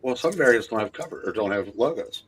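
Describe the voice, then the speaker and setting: A man's voice: medium pitch, expressive, fast talker, a little hiss or hum. A man in a casual livestream chat who chimes in with corrections and opinions.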